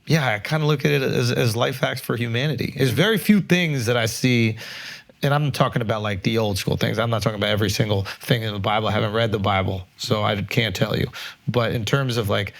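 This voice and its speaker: A man's voice: lowish voice, fairly quick, creaky. A man hosting a podcast, musing in a laid-back way in casual chat and swearing casually. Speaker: podcast host.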